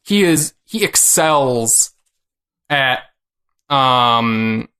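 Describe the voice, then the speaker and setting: A man's voice: mid-range voice, expressive, extremely slow, pushed and bright, smooth. A man co-hosting a comics podcast in casual chat, rambling with many fillers. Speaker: podcast co-host.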